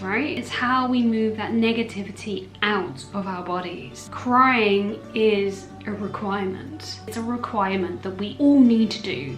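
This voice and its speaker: A woman talking casually to camera at home, chatty and earnest, rambling and correcting herself as she encourages viewers. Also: fairly high pitch. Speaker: self-acceptance content creator. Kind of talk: casual vlog talk. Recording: echoey room.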